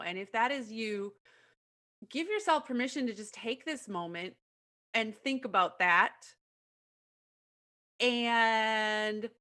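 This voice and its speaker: Woman hosting a podcast, bright voice, talks right to listeners. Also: medium pitch. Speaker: podcast host.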